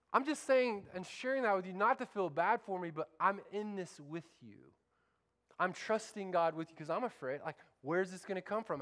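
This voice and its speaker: Fervent high-voiced male preacher. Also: a bit bright. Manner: fervent, call-and-response preaching. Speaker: pastor. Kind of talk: sermon.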